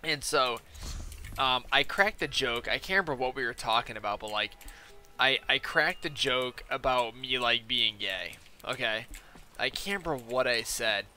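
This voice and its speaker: A man's voice: mid-range voice, moderate pace, sharp tone, faint music behind. A young man casually telling a rambling, profane story over gameplay, filling his talk with "like". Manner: rambling, profane, filler-heavy "like". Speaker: gaming video host.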